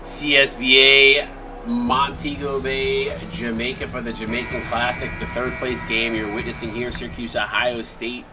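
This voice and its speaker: A man from Long Island with a Long Island accent, calling a basketball game play by play with rapid, excited calls. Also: mid-range voice, music in the background. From Long Island, New York. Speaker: play-by-play commentator. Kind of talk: sports play-by-play commentary.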